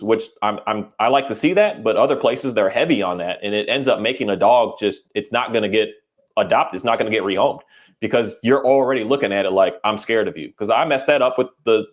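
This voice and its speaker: A dog trainer talking in a casual podcast conversation, animated and acting out quoted voices as he tells stories. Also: mid-range voice, fairly quick.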